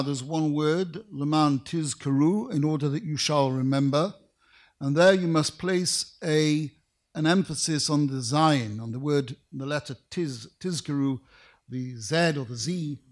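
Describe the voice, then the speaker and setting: Man, precise formal lecturer. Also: fairly high pitch. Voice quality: careful, precise diction. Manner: measured, dry humor, halting fillers. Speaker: rabbinic lecturer.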